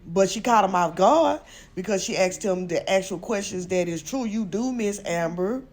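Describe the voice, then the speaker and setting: A woman's voice: mid-range voice, animated, normal speed, a little mellow. An older woman recapping events in a chatty, opinionated way, speaking straight to her viewers. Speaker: reality show commentator. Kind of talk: casual commentary recap.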